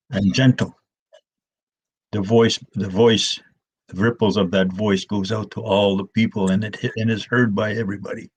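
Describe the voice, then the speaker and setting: An older man, an elder telling stories in a gentle, slow way, often restarting his words, with a husky voice. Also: fairly low pitch. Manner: soft, slow and repetitive, with many restarts. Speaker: elder storyteller. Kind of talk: gentle storytelling talk.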